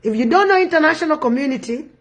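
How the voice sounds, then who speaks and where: A woman's voice: high voice, lively intonation, racing. A South Sudanese woman with a South Sudanese accent giving impassioned political commentary, repeating phrases for emphasis. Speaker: online commentator.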